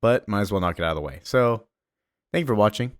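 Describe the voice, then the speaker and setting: A man's voice: lowish voice, expressive, fast talker, smooth, no room sound, clean studio sound. A man casually recapping a comic story, rambling with many fillers.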